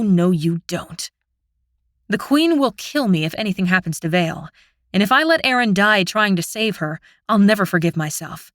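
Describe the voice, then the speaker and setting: A woman narrates a first-person audiobook with an expressive, dramatic delivery. Her voice sits at a medium pitch. The recording is close and dry, with no room sound. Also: no room sound.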